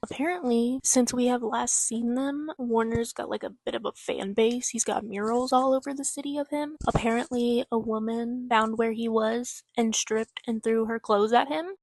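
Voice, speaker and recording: An excitable young woman chats through her reading in a casual vlog. She rambles and swears freely, with a slightly high voice. The sound is close and dry. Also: normal speed, hardly any pauses, dry recording. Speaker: book vlogger.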